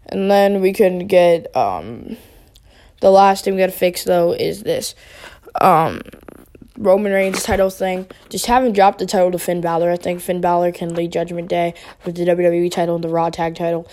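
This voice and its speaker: Woman, vlogger, casual rant, rambling, filler-heavy, dark mellow voice. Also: fairly low pitch, steady tone, normal speed. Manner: rambling, with many fillers and restarts. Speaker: wrestling vlogger.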